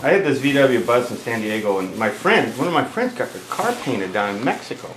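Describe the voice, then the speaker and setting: Older man spinning a lively party yarn. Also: mid-range voice, brisk. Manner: animated storyteller acting out quoted voices. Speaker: party guest telling a story. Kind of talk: casual anecdote at a family party. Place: home birthday party, indoors. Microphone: camcorder across the room. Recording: roomy home video, distant camera. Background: chatter of party guests.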